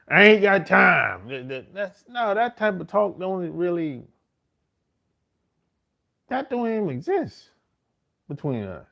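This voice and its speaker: A man's voice: high-pitched, very animated, slow, vocal fry, pauses often, pushed and bright. A middle-aged man, telling stories in a casual, boastful and profane monologue full of slang. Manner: profane, slangy street talk with frequent "man" and "bro"; boastful, swaggering. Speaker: host.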